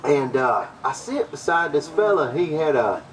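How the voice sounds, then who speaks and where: A man's voice: a little high, sing-song, moderate pace, a crowd in the background. A man presenting at a workshop, telling a story to a live audience in a folksy way and laughing often. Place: workshop room. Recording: distant mic with audible noise.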